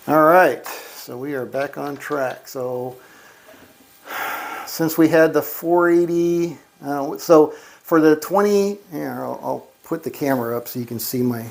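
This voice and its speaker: A gambling vlogger chats casually as he plays a casino electronic craps machine, reading out every roll and cursing mildly under his breath. He has a mid-range voice with vocal fry.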